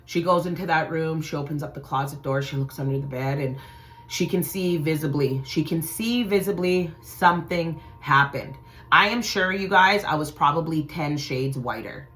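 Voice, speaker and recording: A woman's voice: low-pitched, moderate pace, fairly bright tone. A woman hosting a vlog, telling a frightening personal story in an intense, profane, dramatic way. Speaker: channel host.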